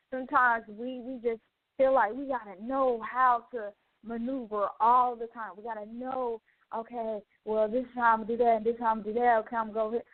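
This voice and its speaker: A woman's voice: a little high, no room sound. A woman radio host earnestly telling listeners an emotional personal testimony, with many fillers. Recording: dry tinny phone-like line.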